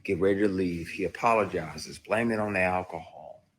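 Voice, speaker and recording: A man's voice: low-pitched, normal speed, a little hiss or hum. A man, an actor, telling a personal story bluntly and emotionally, with frequent profanity and restarts. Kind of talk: candid first-person storytelling.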